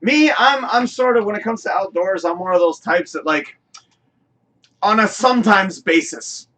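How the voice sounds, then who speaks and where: A man's voice: sits high, normal speed, pushed and bright, distant mic. A man hosting a live talk show, reminiscing in a rambling, emotional way, often swearing and laughing. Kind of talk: casual chat.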